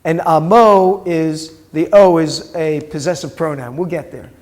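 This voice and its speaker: A man's voice: a little high, fairly even intonation, measured pace, a little mellow. A man, a rabbi, teaching a Hebrew class and patiently explaining pronunciation step by step.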